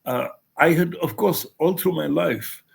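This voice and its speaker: A man's voice: on the high side, unhurried, creaky, breathy edge. An older man from India, telling stories in an interview and acting out the dialogue he quotes. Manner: anecdotal, acts out quoted dialogue. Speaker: guest writer. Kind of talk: interview storytelling.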